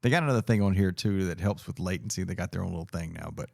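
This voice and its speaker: A man's voice: deep voice, racing, gravelly, darkish tone, dry recording, clean studio sound. A man hosting a casual podcast chat, laid-back and laughing often, swearing freely into a podcast mic. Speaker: podcast host. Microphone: podcast mic on a mixer.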